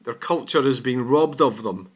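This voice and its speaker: A man's voice: mid-range voice, moderate pace, husky. A Scottish man giving blunt, exasperated casual commentary on comments he has received, swearing freely. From Scotland. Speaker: vlogger.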